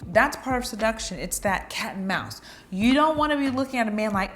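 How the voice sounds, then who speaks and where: A woman's voice: a little high, animated, fairly quick, hardly any pauses, fairly bright tone. A woman vlogger giving dating advice in a chatty, playful way, now and then acting out little flirty lines. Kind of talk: casual advice talk to camera.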